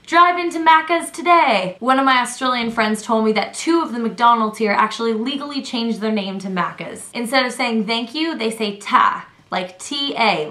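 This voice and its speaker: A young woman chatting to camera in a casual, animated vlog, with exasperated asides. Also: fairly high pitch. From Canada. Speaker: vlogger. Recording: roomy echoing room.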